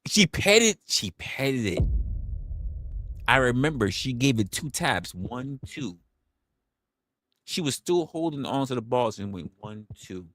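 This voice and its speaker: A young man on a livestream, telling a story to his viewers in a casual, profane, animated way and acting out quotes. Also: medium pitch, slow pace, long pauses, no room sound. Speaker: livestream host.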